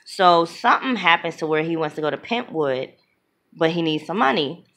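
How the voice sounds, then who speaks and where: A woman casually retelling a film's plot as a reviewer, blunt and opinionated, slipping into quick voices for the characters. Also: low voice. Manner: animated, acts out characters' lines in quick voices. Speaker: movie reviewer.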